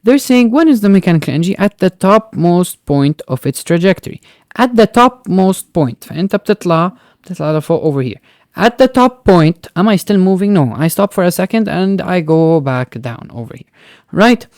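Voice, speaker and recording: A man with a fairly high voice teaches physics in a recorded tutoring lesson, working through problems step by step. He keeps checking in with his students and drops Arabic words into his English. The sound is dry and close, with no room echo. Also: lively intonation, quick pace, darkish tone. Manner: explains step by step, often checking with "right?" and "okay?".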